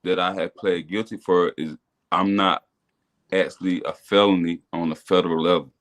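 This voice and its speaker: Animated man telling his story. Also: moderate pace. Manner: animated storytelling, repeats words, builds to excited high bursts. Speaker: podcast guest, business owner. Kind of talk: casual testimony chat.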